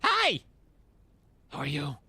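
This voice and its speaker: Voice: mid-range voice, huge pitch swings, slow, pushed and bright, husky, no room sound. Jumpy, chatty gaming streamer. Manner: jumpy, talks back to the game; drops to a whisper in tense moments. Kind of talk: horror let's play commentary.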